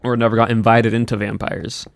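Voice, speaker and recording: A man's voice: medium pitch, level tone, brisk, creaky. A man streaming live, chatting casually and rambling while he answers his chat.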